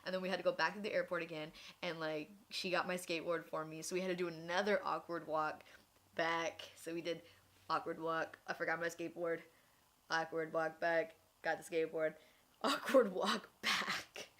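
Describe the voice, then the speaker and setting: Young adult woman, candid personal storyteller, animated, acts out the voices she quotes. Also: deep voice, fast talker. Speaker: vlogger.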